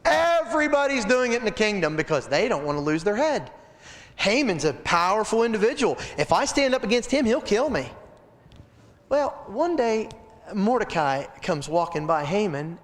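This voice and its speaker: High-voiced animated preacher in a reverberant hall. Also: male voice, normal speed. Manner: animated storytelling, addresses listeners directly. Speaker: pastor leading a Bible study. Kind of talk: midweek Bible study sermon.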